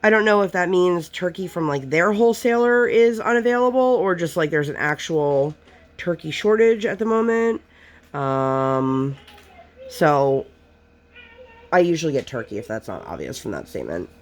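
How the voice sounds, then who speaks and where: A woman's voice: lowish voice, lively intonation, normal speed. A woman vlogging while she crafts, telling rambling stories about her week with lots of fillers, a bit sniffly. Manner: rambling, chatty storytelling with many fillers. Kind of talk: casual chat while crafting.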